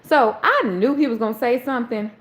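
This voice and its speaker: A woman with a Southern Charleston accent telling a personal story to viewers in casual chat, acting out the quoted lines. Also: brisk. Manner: animated, acts out quoted dialogue in a high voice. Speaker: live stream host.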